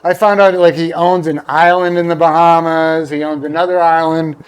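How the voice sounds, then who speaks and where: A man with a fairly high-pitched voice tells a rambling story in relaxed, casual conversation. He keeps slipping into the voices of the people he quotes as he goes. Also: moderate pace, clean tone. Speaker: guest golfer. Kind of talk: casual anecdote telling.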